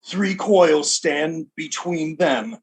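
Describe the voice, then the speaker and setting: A man voicing an excited male sports announcer who calls the action loudly. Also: on the high side, very slow, breathy edge, heavily acted. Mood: announcing. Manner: loud play-by-play calls.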